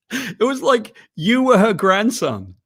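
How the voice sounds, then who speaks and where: A middle-aged man from Wales, reminiscing in a chatty, animated way in a casual video chat. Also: extremely high pitch, husky. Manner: chatty, animated, laughs while telling. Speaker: comics writer, co-host.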